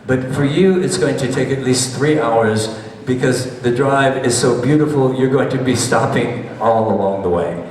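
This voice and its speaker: A man putting on a Scottish accent to voice an old bearded highlander who speaks in a knowing, storytelling way. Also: moderate pace, a little mellow, natural voice. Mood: amused. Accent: put-on Scottish. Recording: echoey hall, voice from far off.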